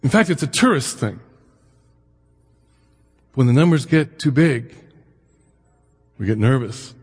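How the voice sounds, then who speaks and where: A man's voice: medium pitch, animated, measured pace, breathy edge, in a large hall. A middle-aged man giving a conversational lecture, full of anecdotes, asides and rhetorical questions. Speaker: lecturer on the Bible and immigration.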